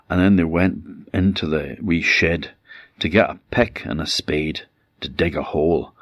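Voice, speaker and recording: Brief: Orcadian Scottish male storyteller, very deep voice, lively and wry, close dry mic, slightly dull sound. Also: vocal fry, husky, dry recording. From Orkney, Scotland. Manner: animated, wry, conversational. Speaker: traditional storyteller. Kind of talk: oral folktale storytelling.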